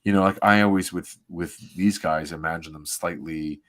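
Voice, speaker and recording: A man with a very deep voice co-hosts a comic book reading show. He chats eagerly, corrects himself often and reads long narration passages aloud. He talks close to a desk microphone. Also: steady tone, normal speed, fairly bright tone. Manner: chatty, enthusiastic, self-correcting with laughs. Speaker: podcast co-host reading comics.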